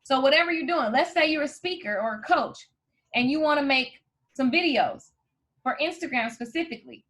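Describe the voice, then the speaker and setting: Upbeat woman coach, bright and high-voiced, hyping up viewers live. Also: fairly quick. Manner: energetic, hyped, addresses viewers as "you guys". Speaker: host and coach. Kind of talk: live video tutorial.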